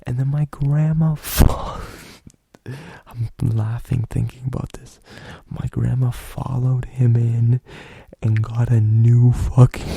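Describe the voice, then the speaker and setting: Young male podcast host, rambling profane storyteller; deep dark tone, dry close sound. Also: steady tone, slow, vocal fry, slightly rough, no room sound. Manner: rambling, profane, loose delivery with many fillers. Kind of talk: casual storytelling.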